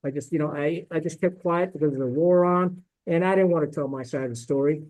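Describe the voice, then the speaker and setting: Middle-aged man, retired officer type, as a podcast guest: pitched high, blunt and profane, indignant storytelling with lots of "right?". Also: brisk, few pauses, darkish tone, rough recording. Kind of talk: candid storytelling in a podcast conversation.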